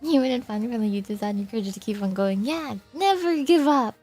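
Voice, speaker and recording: A young woman streaming, chatting softly and emotionally with viewers, laughing often while crying. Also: on the high side, fairly quick, soft background music. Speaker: VTuber streamer. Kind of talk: casual chat with viewers.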